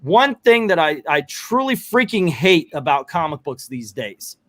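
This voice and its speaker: A man with a slightly high voice gives live comic book commentary. He rambles and gets animated, and his asides turn into rants. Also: measured pace.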